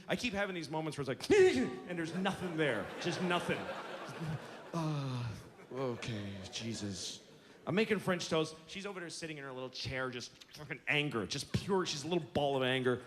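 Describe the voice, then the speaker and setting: A man's voice: a little high, fairly bright tone, long reverb tail. A man in his forties telling exasperated, self-mocking stand-up stories on stage. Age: 40s. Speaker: stand-up comedian. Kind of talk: stand-up comedy storytelling.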